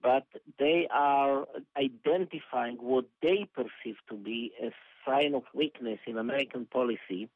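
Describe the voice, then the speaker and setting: A man, speaking as an analyst. He explains calmly and deliberately, with plenty of small fillers. The sound is narrow and dry, like a phone call. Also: mid-range voice, no room sound. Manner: measured, explanatory, hesitant fillers. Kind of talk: phone interview on a news broadcast. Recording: tinny dry phone line.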